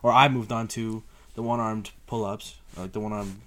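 A young man co-hosting a podcast, calmly recounting his workout in casual chat. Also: fairly low pitch, normal speed. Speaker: podcast co-host.

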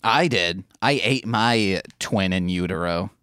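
A man co-hosting a podcast, playful and quick with jokes in casual chat over an internet call. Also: deep voice, fairly bright tone, clear, resonant tone, no echo. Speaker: podcast co-host. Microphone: remote call over internet. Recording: dry remote call audio.

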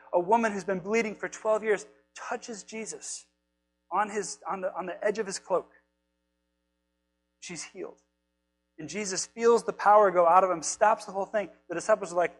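A man preaching a casual, animated sermon, retelling scripture stories and acting out the quotes in a conversational way. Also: high voice, moderate pace, poor audio. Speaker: pastor.

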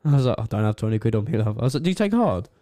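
A man's voice: mid-range voice, big pitch swings, very fast, warm tone. A young man co-hosting a podcast, rambling through anecdotes in casual chat and chuckling often. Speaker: podcast co-host.

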